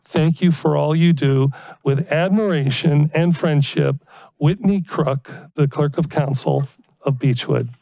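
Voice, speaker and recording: Slow gravelly American man presiding. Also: on the high side, mellow, no room sound. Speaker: council president. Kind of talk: council meeting proceedings.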